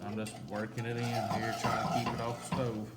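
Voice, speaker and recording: A man's voice: lowish voice, monotone, brisk, roomy sound. A man, chatting to his viewers as he demonstrates a home recipe in his kitchen. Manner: folksy, chatty, talks straight to viewers. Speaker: home cooking video host. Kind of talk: casual cooking demonstration. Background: whisking and cooking sounds.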